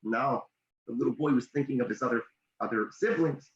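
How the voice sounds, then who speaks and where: A motivational speaker, a man, telling a story in a discussion, animated, his voice leaping up when excited. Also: mid-range voice, a little fast. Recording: echoey room, dull lo-fi sound.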